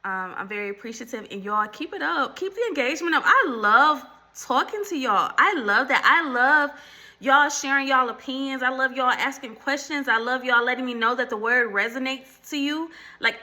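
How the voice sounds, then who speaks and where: A woman's voice: high voice, normal speed, bright, forceful tone. A woman hosting her own channel, chatting casually to viewers about faith and relationships, calling them y'all, with preachy asides. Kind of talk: casual faith talk to camera.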